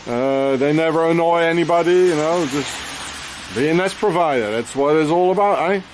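A man delivering an angry, rambling rant outdoors in the rain, swearing often and filling every pause with "you know" and "eh?". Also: a little high, a little hiss or hum.

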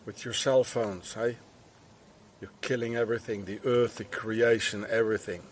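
Lowish-voiced man, scolding outdoor rant, repetitive, filler-heavy. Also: fairly even intonation, moderate pace, slight background noise. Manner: ranting, repetitive, scolding, many filler phrases. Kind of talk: angry street rant to camera.

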